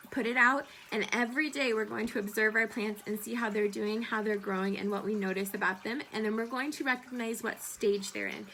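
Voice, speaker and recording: Gentle high-voiced woman teacher. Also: a little hiss or hum, low-quality recording. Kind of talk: remote homeroom lesson for children.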